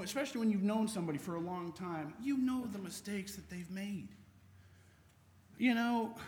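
A man preaches a sermon in an easy, conversational manner, reading scripture aloud as he goes. His voice sits fairly high for a man. The room carries a long, hall-like reverb. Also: a little mellow.

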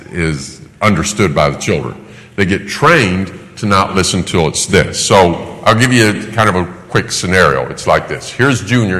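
A man's voice: low voice, a bit bright, big-room sound, poor audio. A man preaching a sermon, emphatic and repeating words for effect.

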